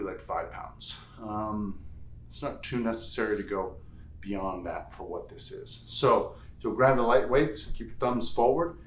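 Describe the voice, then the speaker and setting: A man leading a home strength workout, counting reps aloud and adding playful asides. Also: lowish voice. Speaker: fitness instructor. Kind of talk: guided workout instruction. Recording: echoey room.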